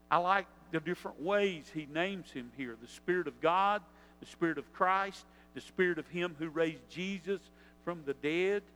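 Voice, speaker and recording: A man with a high voice preaches a sermon, earnest and steady, letting his voice swell and then sink low for emphasis. His words ring out with a long reverb, as in a large hall. A faint hum sits underneath. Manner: earnest, rises and drops in loudness for emphasis.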